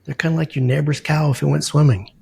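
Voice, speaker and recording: A man, a safari guide and wildlife photographer, telling relaxed, rambling stories from the field as a podcast guest, with plenty of fillers. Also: fairly high pitch, quick pace, creaky, slight background noise. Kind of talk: casual storytelling.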